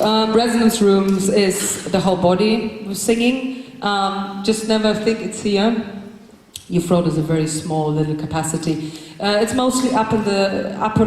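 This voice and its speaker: Woman vocal coach, live workshop in a big hall, instructive delivery with sudden demonstration shouts, very reverberant room sound. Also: mid-range voice. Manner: instructive, breaks into loud demonstration shouts and growls. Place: large hall with a live group. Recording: very echoey hall from a distance.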